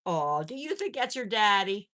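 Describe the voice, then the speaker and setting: A woman's voice: medium pitch, sing-song, moderate pace, a bit bright. A woman hosting a casual live stream from home on her phone, chatting with viewers and cooing at her pets. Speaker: pet channel host.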